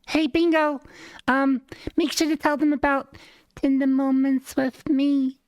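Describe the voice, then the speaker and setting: A man voicing a chipper, supportive male sidekick in a high falsetto. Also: little pitch movement, unhurried, no echo. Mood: encouraging. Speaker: show character.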